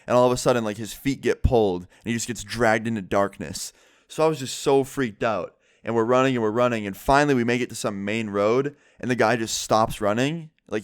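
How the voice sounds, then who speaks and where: A man's voice: fairly low pitch, no echo, studio quality. A young man casually telling a storytime tale to his viewers, chatty and full of fillers. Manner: chatty, filler-heavy retelling. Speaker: vlogger.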